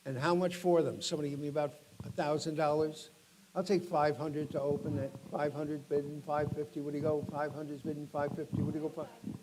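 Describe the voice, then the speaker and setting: A middle-aged man working as an auctioneer, describing each lot and then calling bids in a rapid chant. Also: a little high, level tone, a little mellow, a little hiss or hum, rough recording.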